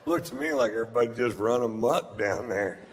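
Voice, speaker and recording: A middle-aged man, doing a stand-up set with drawling, deadpan storytelling and crude punchlines. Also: medium pitch, brisk, vocal fry. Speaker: stand-up comedian. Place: large theater stage with audience laughter. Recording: live hall recording with long reverb and audience noise.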